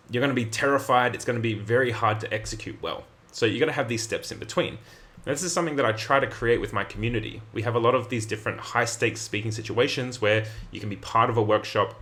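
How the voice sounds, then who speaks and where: Aussie guy giving lively speaking tips to camera, kinda low voice, punches key words. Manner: energetic, emphatic, plays out example phrases. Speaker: communication coach. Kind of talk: direct-to-camera advice talk.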